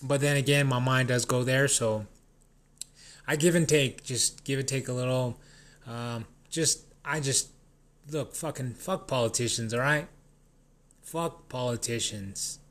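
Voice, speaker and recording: A man's voice: medium pitch, fairly even intonation, a little slow, fairly bright tone. Casting: man in an unscripted rant, heavy profanity, loose and rambling delivery, mid-range voice. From New Mexico. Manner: swears constantly, rambling, restarts sentences.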